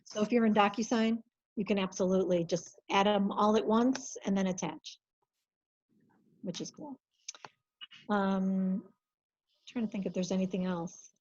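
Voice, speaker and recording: A woman working as a compliance coordinator, walking colleagues through software in a practical, lightly chatty way. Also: medium pitch, measured pace, long pauses, dull audio, a little hiss or hum. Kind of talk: software training over video call.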